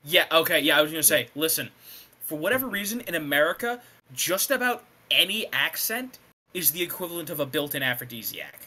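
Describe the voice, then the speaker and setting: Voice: medium pitch, animated, brisk, bright, forceful tone, slight background noise. A streaming co-host in casual voice chat, making dry, sarcastic quips. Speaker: podcast co-host.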